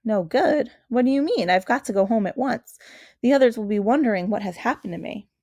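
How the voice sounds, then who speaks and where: A woman's voice: a little high, expressive, brisk, a little mellow, dry recording, studio quality. A woman voicing a polite, kind young girl in a storybook reading, eager and sympathetic in manner. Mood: worried.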